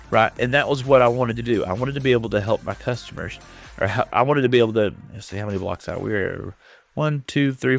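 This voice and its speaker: A man's voice: medium pitch, gravelly. A man from West Texas with a Texan accent, casually chatting and telling stories to viewers while playing a game. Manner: rambling storyteller, chatting with viewers. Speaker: streamer. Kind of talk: casual chat while gaming.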